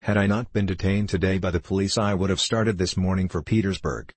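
A man's voice: low voice, fairly even intonation, fairly quick, husky, no echo. A man reading as a nervous American naval officer. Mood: uneasy. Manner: nervous, polite.

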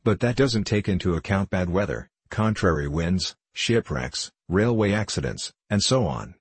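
A man reading as an excitable, arguing gentleman. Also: low voice, moderate pace, breathy edge, no echo, full character voice. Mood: agitated. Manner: agitated and insistent. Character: excitable, argumentative gentleman card player, male. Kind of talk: audiobook dialogue reading.

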